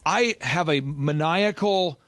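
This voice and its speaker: A man's voice: a little high, slow pace, fairly bright tone, no echo. A man talking as a business coach on a podcast, emphatic and urgent, repeating key lines for stress. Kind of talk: motivational podcast talk.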